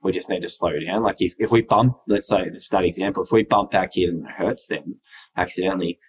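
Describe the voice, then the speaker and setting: A deep-voiced man talks about being a father on a casual podcast. He speaks earnestly and reflectively, weighing his words. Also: steady tone, brisk, rough recording.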